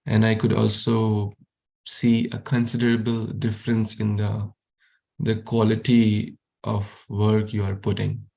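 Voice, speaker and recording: A man's voice: fairly low pitch, monotone, a little slow, vocal fry, a little mellow. A man teaching a youth class over a video call, encouraging students and repeating his questions.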